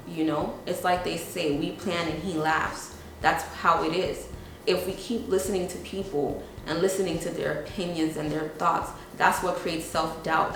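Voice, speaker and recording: A young woman with a lowish voice talks candidly in a documentary interview, casual and earnest, and keeps checking in with "you know what I'm saying". The room rings with heavy echo, and faint noise sits underneath. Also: recorded from a distance. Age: young adult. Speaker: entrepreneur interviewee.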